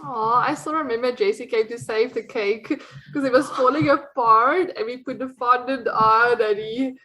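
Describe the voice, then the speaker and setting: A woman from South Africa with a South African accent, co-hosting a casual chat as a soft, giggly listener. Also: fairly high pitch, normal speed, rough recording.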